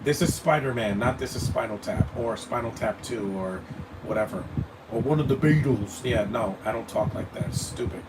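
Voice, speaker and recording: A man's voice: mid-range voice, normal speed. A man giving live movie commentary, blunt and opinionated, rambling and stammering over his words. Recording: distant mic with air-conditioning hum.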